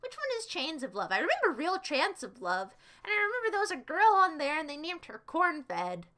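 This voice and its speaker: A woman's voice: extremely high pitch, huge pitch swings, brisk, sharp tone. A young woman streaming and chatting casually, playful and teasing with her viewers. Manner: playful, teasing, jokey asides. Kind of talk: casual chat with live chat.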